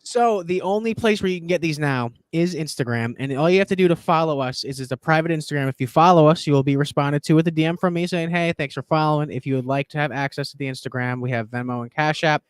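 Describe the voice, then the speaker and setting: An excitable man hosting a sports betting chat. He rambles and swears while he pushes his picks. His voice sits fairly high and sounds dry and close. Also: quick pace, hardly any pauses, clear, resonant tone, no echo. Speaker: podcast host and betting tipster.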